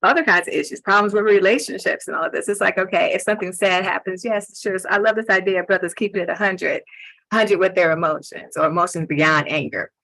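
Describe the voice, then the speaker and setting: A woman's voice: medium pitch, fairly even intonation, fast, fairly bright tone, no echo, low-quality recording. A woman on a panel discussion who tells stories animatedly and often slips into the voices of the people she quotes. Her sound is dry and close, with no room around it.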